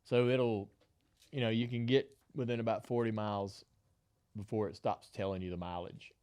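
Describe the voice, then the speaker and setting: A man's voice: fairly low pitch, normal speed, smooth, no room sound, studio quality. Man telling a story. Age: middle-aged. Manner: animated storyteller, acts out quotes. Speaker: podcast co-host. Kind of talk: casual storytelling chat.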